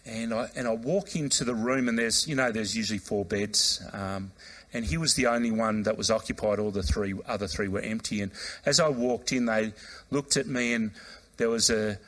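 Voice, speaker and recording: A man's voice: fairly low pitch, moderate pace. A man, a pastor preaching a sermon, telling a personal story and acting out the voices in it. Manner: animated, acts out quoted voices, loud outbursts when retelling.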